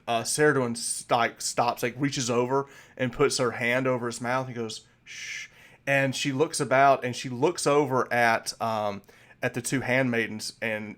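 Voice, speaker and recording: A man's voice: medium pitch, a bit bright. A man narrating a tabletop game as game master, rambling through many fillers and restarts.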